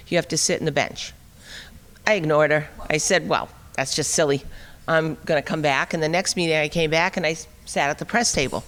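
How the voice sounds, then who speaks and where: A middle-aged woman giving an animated, wry storytelling talk at a forum, acting out the dialogue as she goes. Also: deep voice. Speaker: speaker at a liberty forum. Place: conference hall. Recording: long reverb of a hall.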